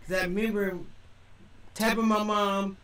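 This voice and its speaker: High-voiced man rambling in an echoey room. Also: little pitch movement, measured pace, a bit bright, distant mic. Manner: rambling, repeats himself, restarts often. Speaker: reaction video host. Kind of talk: casual rambling reaction.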